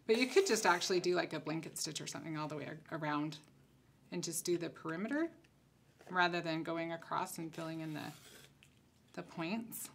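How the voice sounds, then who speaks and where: A woman with a slightly low voice walks viewers through a craft project. She is chatty and relaxed, thinking aloud as her hands stay busy. A faint room noise sits under her voice. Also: brisk, gravelly. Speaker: concept designer demonstrating crafts. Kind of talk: casual craft tutorial.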